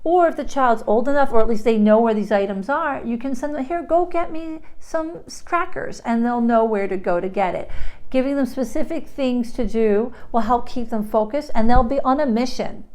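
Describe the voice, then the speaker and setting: A woman talking through parenting strategies in a casual advice video, acting out bright lines a parent might say to a child. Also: fairly high pitch, a little fast. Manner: demonstrates parent lines in bright acted voices. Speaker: parenting advice giver, therapist.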